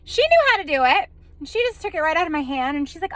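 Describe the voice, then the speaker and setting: A woman's voice: sits high, big pitch swings, fast talker, fairly bright tone, no echo. A woman home organizer telling a funny story about her hectic week in a chatty vlog, laughing at herself and acting out what people said.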